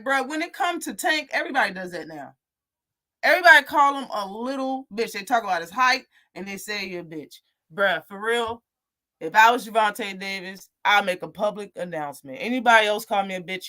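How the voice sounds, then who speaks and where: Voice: mid-range voice, sharp tone. A live boxing talk show host ranting in a heated, profane, casual way.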